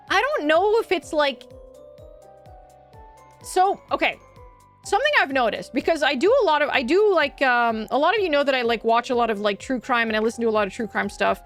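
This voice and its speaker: High-pitched woman streamer just rambling, lots of likes and swearing, faint music behind. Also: animated, a little fast. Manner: rambling storytelling with many fillers and swearing. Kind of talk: casual chat.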